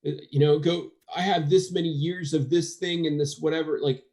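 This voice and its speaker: A man talking as a podcast guest in casual chat, acting out what others said with lively shifts in voice. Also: fairly high pitch, normal speed. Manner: animated, acts out quoted dialogue. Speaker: guest, firearms trainer.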